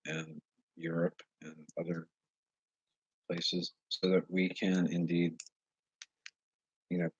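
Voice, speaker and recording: A man talking straight to his viewers in a casual monologue, earnest and halting as he searches for words. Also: sits low, level tone, husky, no echo. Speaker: vlogger addressing viewers. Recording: dull lo-fi recording.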